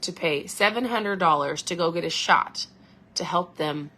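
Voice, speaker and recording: A woman chats on a casual livestream with a bright, forward voice. She talks in an animated, friendly way and answers viewer comments as they come in. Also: on the low side, unhurried. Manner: chatty and animated, reads viewer comments aloud. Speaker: keto coach and livestream host.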